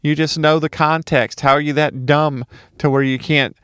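A man's voice: a little high, steady tone, moderate pace, fairly bright tone, clean tone, no room sound, clean studio sound. A man from Mississippi with a light Southern accent, doing a casual solo comedy monologue, ranting with profane, sarcastic asides.

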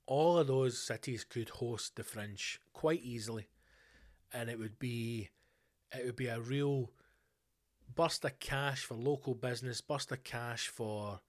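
A Scottish man hosting a solo podcast, rambling and animated as he answers listener questions, swearing freely. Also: mid-range voice. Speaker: podcast host.

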